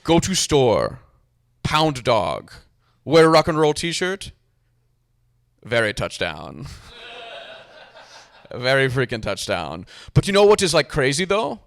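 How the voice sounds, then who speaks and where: Male comic playing an eager accented coworker lady, broken grammar, pitched up and loud. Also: sing-song, slow, vocal fry, long pauses, exaggerated voice. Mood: gushing. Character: gushing foreign-accented female coworker, eager.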